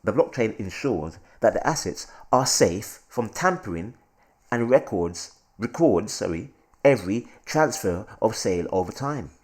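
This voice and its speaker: A man hosting his crypto channel, excitable and repetitive, always calling out to his viewers in casual hype commentary. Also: mid-range voice.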